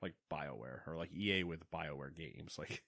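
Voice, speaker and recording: A man co-hosting a gaming podcast, joking in quick, casual banter. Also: extremely low pitch, creaky, pushed and bright, no room sound. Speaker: podcast co-host. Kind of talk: casual chat.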